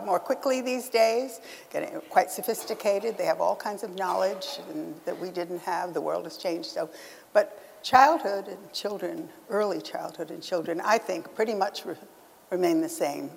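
A woman's voice: lowish voice, measured pace, creaky, a little mellow, big-room sound, slight background noise, poor audio. An older woman on a panel, a children's writer, speaking earnestly and plainly. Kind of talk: panel discussion.

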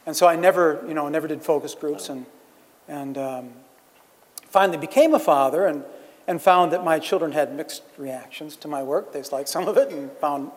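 A man's voice: fairly high pitch, moderate pace, big-room sound. A man speaking as a writer on a panel, hesitant, with many restarts and fillers. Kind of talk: panel discussion.

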